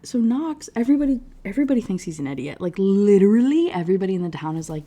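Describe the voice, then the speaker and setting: A woman giving a casual, profane rant review, retelling scenes with sarcastic asides and quick put-on voices. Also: mid-range voice, very animated, warm tone. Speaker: book reviewer.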